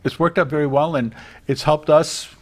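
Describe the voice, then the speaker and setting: A man's voice: on the high side, fairly even intonation, moderate pace. A middle-aged man, a realtor guest, talking earnestly in a casual TV interview, rambling with many restarts.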